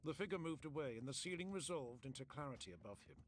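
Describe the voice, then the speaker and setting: A man reads a story aloud in a steady, descriptive storytelling manner. His pitch sits in the middle for a man and moves in lively, animated turns. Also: quick pace, soft background music. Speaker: narrator. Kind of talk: storybook narration read on a stream.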